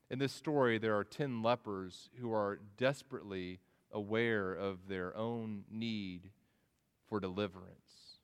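A man preaches a sermon in an earnest, searching way, often doubling words and restarting phrases. His voice carries a long reverb from a church sanctuary. It climbs higher when he pleads. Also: unhurried, smooth. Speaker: pastor.

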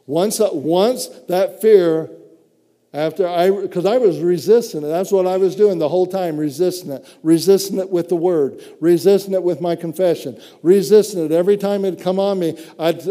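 A man's voice: sits high, moderate pace, dark tone, big-room sound. A man preaching a sermon with fervent, frequent cries of praise between phrases.

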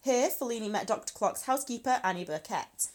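A woman's voice: fairly high pitch, lively intonation, fairly quick. Casual woman recounting a true crime story. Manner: chatty, swears freely, laughs often. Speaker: podcast co-host. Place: lives in Scotland.

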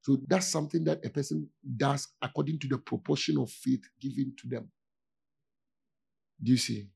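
A man's voice: medium pitch, gravelly, a little mellow, breathy edge. A man, a pastor, giving a conversational sermon in an informal way, often stopping to ask his listeners whether they follow. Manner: informal, asks "do you see?" often, with laughs and pauses.

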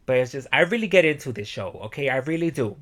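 A young man hosting a motivational podcast alone, swearing a lot and breaking into loud yelling. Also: medium pitch, fast. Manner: profane, animated, bursts into yelling. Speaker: podcast host.

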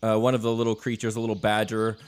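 A man running a tabletop game as game master, narrating scenes in a relaxed way with frequent chuckles. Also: on the low side, fast talker, clean tone.

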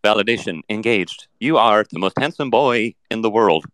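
A man voicing a flattering homemade chatbot robot, speaking in flat robotic announcements. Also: on the low side, moderate pace, crowd noise, natural voice. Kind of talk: comedy podcast bit.

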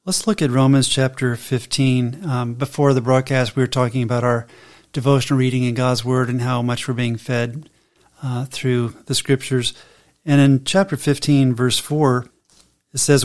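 A man co-hosts a faith podcast in a calm, even-tempered voice at a middling pitch. He reads scripture aloud steadily and explains it in a measured, unhurried teaching manner. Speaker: podcast co-host and Bible teacher. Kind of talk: casual faith podcast chat.

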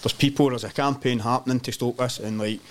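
A Scottish man, a podcast guest, telling animated, sweary travel anecdotes in casual chat, peppered with "mate" and "man". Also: medium pitch, fast talker.

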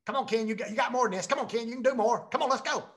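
A man's voice: very high voice, racing, a bit bright, voice pushed up. A man imitating a pushy male coach who keeps urging him on, with an urgent, exhorting manner.

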